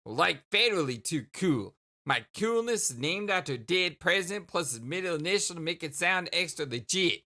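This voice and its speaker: Woman reading as a deadpan teen guy bragging, bright voice that jumps around a lot. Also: on the low side, normal speed, pitched above the performer's own voice. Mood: smug. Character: cool-acting teen boy, smug and rambling. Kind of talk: reading game dialogue aloud.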